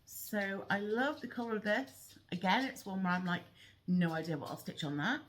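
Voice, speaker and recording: A woman in her thirties chatting casually in a craft vlog, rambling and filling pauses with ums. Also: medium pitch, lively intonation, slight background noise. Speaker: cross-stitch vlogger. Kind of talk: casual show-and-tell chat. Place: at home.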